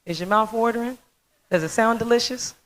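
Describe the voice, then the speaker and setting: A woman in her thirties giving a motivational conference talk, telling a folksy, animated story. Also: fairly high pitch, brisk, rough recording. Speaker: dentist speaker.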